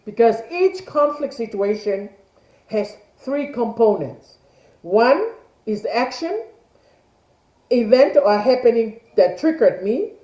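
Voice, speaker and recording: Leading an online class over a video call from home, a middle-aged Tongan woman asks rhetorical questions and then answers them. Her fairly high voice is very animated but slow, with a dark tone. The poor-quality audio sounds roomy.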